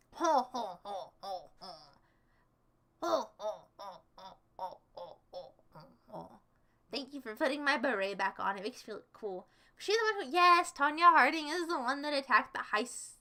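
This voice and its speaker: A young woman chats casually on stream with her live chat, playful and teasing toward viewers and full of jokey asides. Her voice is high with a sharp tone.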